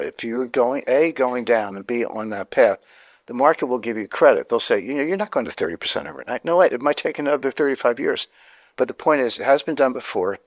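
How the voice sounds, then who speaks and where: A man of mid pitch talks as an interview guest. He hammers his main points by repeating them and restarts sentences as he explains, all in a dry, close sound with no room echo. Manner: emphatic, repeats key points, frequent restarts. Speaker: interview guest, economic commentator.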